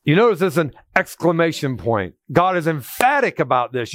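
A man preaching a sermon, emphatic and animated, quoting scripture with a raised voice. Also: on the high side, normal speed, no echo, studio quality. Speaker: pastor.

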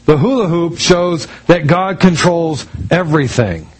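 A man with a fairly high voice preaching in a casual, storytelling way. He restarts his sentences often and slips into the voices of the people in his story. The feel is a relaxed talk to a congregation rather than a formal address. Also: a little slow, low-quality recording. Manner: conversational storytelling with many restarts; acts out quoted voices in dialogue. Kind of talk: sermon with personal story.

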